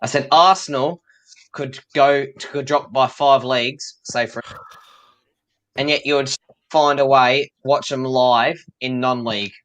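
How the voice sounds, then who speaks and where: A man in a casual football chat, relaxed and chatty, laughing as he tells a story. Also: medium pitch, measured pace. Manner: relaxed, chatty, laughs while telling stories. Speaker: co-host.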